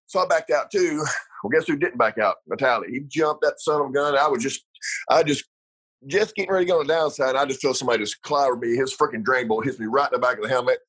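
A man's voice: a little high, fairly bright tone, husky, rough recording. A middle-aged man, a retired racer telling salty stories in a casual interview, rambling with lots of fillers and laughs.

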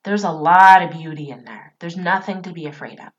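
A woman's voice: fairly low pitch, steady tone, fairly quick, dull audio. A woman hosting a motivational podcast as a coach. She talks straight to her listeners and repeats phrases for emphasis. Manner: warm, encouraging, speaks to listeners directly.

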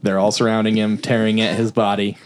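A man with a lowish, monotone voice casually recaps a film's plot on a podcast. As host, he swears freely and quickly voices out the characters' lines in a loose, profane recap, all part of a relaxed film review chat.

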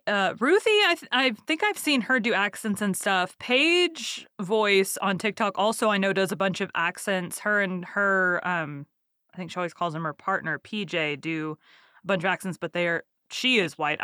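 A woman's voice: mid-range voice, lively intonation, moderate pace, pushed and bright, no echo, clean studio sound. A woman from Texas, a podcast host and audiobook narrator, talking in a casual, chatty way with lots of fillers and frequent laughter. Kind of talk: casual conversational interview.

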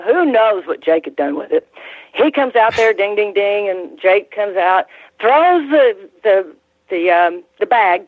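A woman's voice: mid-range voice, no room sound. Older woman on a tinny phone line. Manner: halting, many restarts and fillers. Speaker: former ring announcer, guest. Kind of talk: casual interview storytelling.

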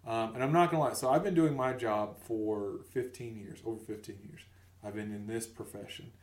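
Telling a comedic story on a podcast, a co-host in his thirties animatedly performs the voices of the characters involved. He speaks fairly quickly in a lowish voice, captured from a distance in an echoey room.

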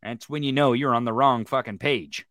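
A man's voice: medium pitch, moderate pace, fairly bright tone, dry recording. A man giving an angry, profane reaction commentary on a news clip. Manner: angry, ranting, heavy swearing. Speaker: political commentary streamer.

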